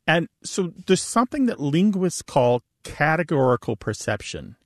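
A man who is a linguist, explaining to a caller in a lively way and laughing easily. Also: fairly high pitch, moderate pace, no echo, studio quality. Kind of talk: call-in chat, explaining.

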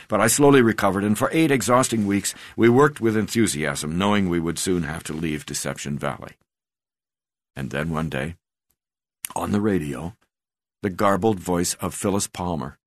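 Brief: male narrator, deep voice, measured read, dry booth sound. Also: vocal fry, no echo. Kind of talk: audiobook narration.

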